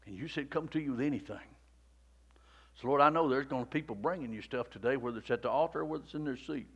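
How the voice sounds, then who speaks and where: A male pastor preaching a sermon in a repetitive cadence, rising to shouts and dropping to near-whispers. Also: medium pitch, quick pace, husky, muffled recording.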